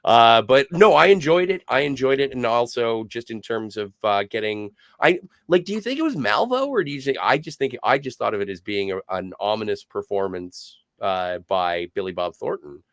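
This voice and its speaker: Lively-voiced man podcast co-host. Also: on the low side, dry recording, clean studio sound. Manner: animated, quick asides and shout-outs. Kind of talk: casual TV recap chat.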